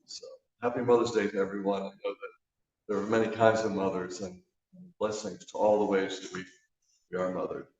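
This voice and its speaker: A man giving a sermon, easygoing and anecdotal, often pausing with little fillers. His mid-range voice sounds distant and dull, swallowed in strong church-hall echo. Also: on the low side. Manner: relaxed, conversational storytelling with fillers. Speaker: guest speaker. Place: church sanctuary.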